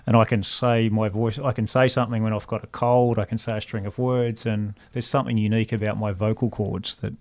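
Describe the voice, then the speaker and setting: A man's voice: lowish voice, flat delivery, brisk, few pauses. A man explaining speech technology in casual panel chat, enthusiastic and full of fillers. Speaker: guest, speech technology specialist.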